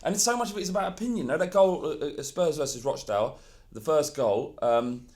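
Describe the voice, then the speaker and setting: A man's voice: a little high, lively intonation, fairly quick, darkish tone. A man co-hosting a football podcast, ranting heatedly in casual chat and swearing freely. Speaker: podcast co-host.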